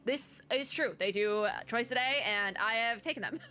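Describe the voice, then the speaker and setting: A young adult woman giving chatty, animated commentary while reading a game's story aloud. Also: a little high. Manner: animated, chatty, quick to react. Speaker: gaming content creator. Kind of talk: game playthrough commentary and reading.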